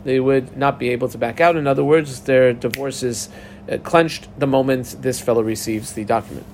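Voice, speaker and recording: A man teaches a Talmud class in a relaxed, lively way. He breaks into little acted-out voices for the people in the case. His voice sits in a middle pitch, a faint hiss of noise behind it. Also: normal speed. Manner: animated, acts out the parties in a dialogue. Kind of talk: casual Talmud class explanation.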